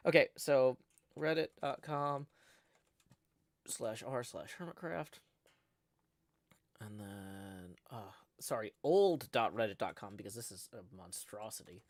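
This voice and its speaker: Male streamer host, low voice with lively swings, joking and scatterbrained, dry close sound. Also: slow, pauses often, dry recording. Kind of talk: casual chat.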